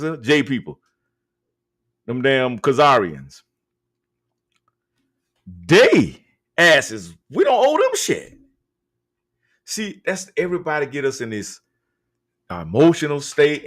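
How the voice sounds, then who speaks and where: Guy hosting a live stream over call audio, mid pitch, emphatic, lots of uh's and dragged words. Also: fairly bright tone. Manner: emphatic, drawn out, many uh fillers. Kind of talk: casual live-stream talk.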